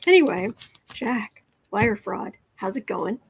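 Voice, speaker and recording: Slow-talking American woman reading tarot. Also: medium pitch, expressive, creaky, slightly rough. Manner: reads viewer comments aloud, drops to whispers at times. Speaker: tarot reader and livestream host. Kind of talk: casual livestream chat with tarot reading.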